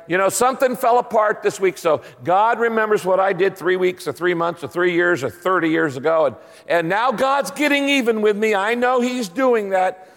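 A pastor preaching a sermon, animated and acting out little voices in his stories. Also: sits high. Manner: animated, acts out voices in anecdotes. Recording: long reverb of a large hall.

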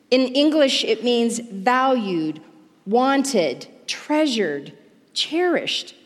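A woman giving a sermon, speaking in a measured teaching manner that slows down on key words. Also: fairly high pitch, big-room sound. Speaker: pastor's wife and teacher.

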